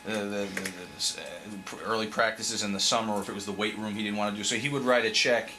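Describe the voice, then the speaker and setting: A man's voice: lowish voice, fairly even intonation, quick pace, sharp tone. A man hosting an interview, reading out fan questions in a casual, conversational way. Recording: faint background noise.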